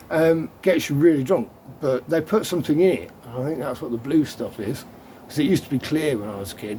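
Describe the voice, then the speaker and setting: A man's voice: medium pitch, darkish tone, a little hiss or hum. A middle-aged man chatting casually as he demonstrates his gear, rambling with joking asides. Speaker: off-grid living vlogger.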